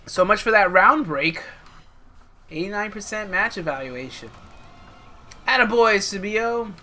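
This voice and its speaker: A woman's voice: medium pitch, expressive, unhurried, bright, forceful tone, faint music behind. A woman streaming a wrestling video game, chatting casually and with amusement as she thinks aloud. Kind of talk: casual gameplay commentary.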